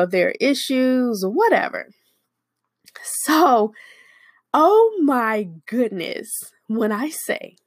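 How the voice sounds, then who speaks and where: Woman, small-business owner, unhurried expressive storyteller, dry close sound. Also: medium pitch, no echo. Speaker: hair care business owner. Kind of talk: personal storytelling.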